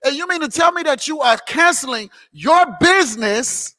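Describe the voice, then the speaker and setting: A man giving an emphatic, preachy motivational business talk on a livestream, repeating phrases and sometimes shouting. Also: extremely high pitch, expressive, normal speed, in a large hall. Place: indoor room filming himself on several cameras.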